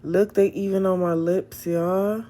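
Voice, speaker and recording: A woman's voice: lowish voice, fairly even intonation, measured pace, warm tone. A young woman hosting a casual livestream on her phone, talking bluntly to her viewers with plenty of swearing and exasperation. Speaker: livestream host. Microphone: phone camera.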